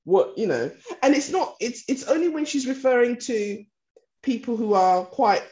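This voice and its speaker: Animated woman hosting a chatty podcast. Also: a little high, moderate pace. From East London. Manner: animated storyteller, laughs often. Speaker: podcast host. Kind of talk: casual podcast chat. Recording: dull lo-fi sound.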